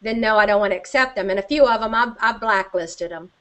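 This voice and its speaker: A woman's voice: medium pitch, quick pace, fairly bright tone. A woman speaking as a guest on a video-call interview, chatting in a friendly, conversational way with frequent fillers. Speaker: guest blogger.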